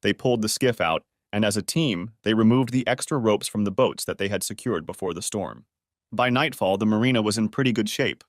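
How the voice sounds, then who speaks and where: A man narrating a family drama story in a steady, scripted storytelling voice. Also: on the low side, fairly quick, no room sound, studio quality.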